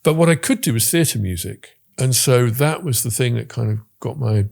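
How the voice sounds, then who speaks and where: Guest: man in his 60s, gravelly voice, lively and self-deprecating storyteller. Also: medium pitch, moderate pace. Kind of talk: casual chat.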